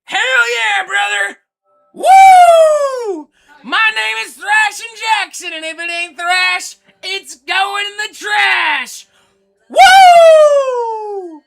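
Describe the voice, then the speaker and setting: A macho thrash fanatic, shouting, pitched way up, loud. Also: male voice, expressive, very slow, faint music behind, heavily acted. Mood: hyped. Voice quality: bellowing, yelling, gruff bravado.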